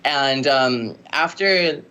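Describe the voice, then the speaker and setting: A woman musician telling stories in a casual interview, rambling and lively with lots of filler words. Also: extremely low pitch, drawn-out words, clear, resonant tone. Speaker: musician guest.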